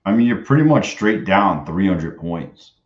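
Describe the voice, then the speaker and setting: A young man with a very deep voice talks through his trades in a loose, crude, half-muttered stream of commentary. His voice sounds dull and lo-fi, and it rings a little in a roomy space. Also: very animated, a little slow. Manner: loose, crude, muttering to himself with bursts of banter. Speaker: live-streaming day trader. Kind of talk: casual running commentary while trading.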